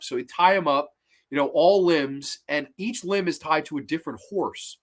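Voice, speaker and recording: Excitable, foul-mouthed horror reviewer, man. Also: on the high side, moderate pace. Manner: excitable, swears freely. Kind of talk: casual film review.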